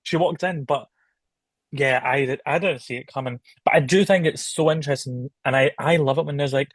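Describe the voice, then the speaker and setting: A man's voice: mid-range voice, fairly quick, no echo. A man co-hosting a podcast, chatting casually and with enthusiasm. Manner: enthusiastic, gushing. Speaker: guest co-host. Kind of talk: casual chat.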